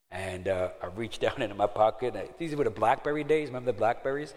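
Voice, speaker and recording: A middle-aged man telling a personal testimony in a sermon, laughing at himself and then going hushed and prayerful. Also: lowish voice, steady tone, fast talker, hardly any pauses. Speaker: speaker sharing a testimony. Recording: long hall reverb.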